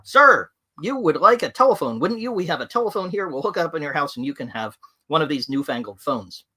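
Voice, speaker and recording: Guy playing a chirpy pushy salesman at the door, bright voice. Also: sing-song, a little fast, breathy edge, exaggerated voice. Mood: eager. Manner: pushy, cheerful sales pitch. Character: eager door-to-door telephone salesman.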